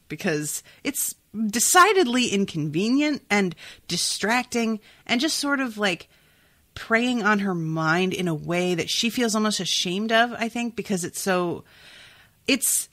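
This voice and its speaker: A sniffly young woman hosts a podcast, chatting casually about a book and dropping "like" and "um" all the time. Her mid-range voice is a bit bright, and the recording is dry.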